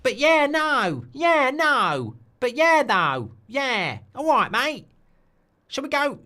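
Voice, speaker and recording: Man doing a chirpy high Essex bloke. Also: very animated, takes it slowly, pushed and bright, heavily acted.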